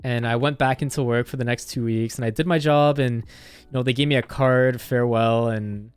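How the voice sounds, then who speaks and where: A man's voice: medium pitch, steady tone, normal speed, clear, resonant tone, no echo, soft background music. A young man streamer casually telling a story, rambling with constant "like" fillers and swearing.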